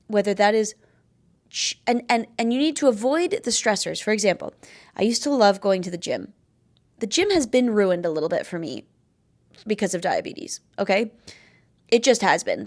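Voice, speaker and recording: A young adult woman vlogger giving candid, blunt advice on living with chronic illness, swearing freely and stressing her points. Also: medium pitch. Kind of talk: candid talking-to-camera advice.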